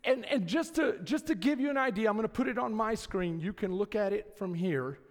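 A man's voice: high voice, fairly quick. A middle-aged man preaching a sermon as pastor, telling stories and calling out to his congregation. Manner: animated storytelling, calling out to the congregation. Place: church sanctuary with congregation. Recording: long reverb of a large hall.

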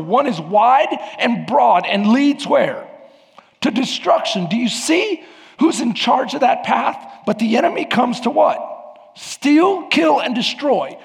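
A man preaching a sermon as pastor of a church, with emphatic rises and sudden shouts. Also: very high-pitched, very animated, unhurried, vocal fry, long reverb tail. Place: church sanctuary.

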